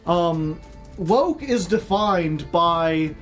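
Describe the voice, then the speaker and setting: Male streamer from Chicago, slightly high voice, loose rambling delivery with joking asides, faint background music. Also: animated, very slow, fairly bright tone. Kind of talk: casual chat with stream viewers.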